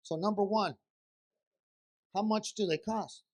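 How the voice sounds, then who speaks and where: At a benefit show, a man does stand-up on stage in a high voice, speaking a little slowly. He tells stories with lots of animation, acting out both himself and his wife as they go back and forth.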